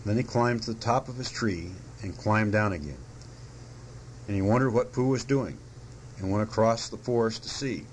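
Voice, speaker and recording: A man gently reading a children's storybook aloud in a soft, unhurried way. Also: fairly low pitch, a little hiss or hum, low-quality recording. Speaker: narrator.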